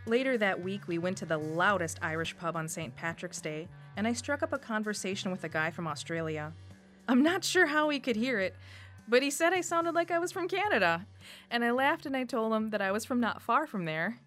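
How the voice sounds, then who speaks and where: A woman in her thirties from Wisconsin with a Wisconsin accent, reading a personal radio essay in a warm, lightly humorous way. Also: mid-range voice, animated, a little fast, soft background music. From Wisconsin, USA. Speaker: storyteller.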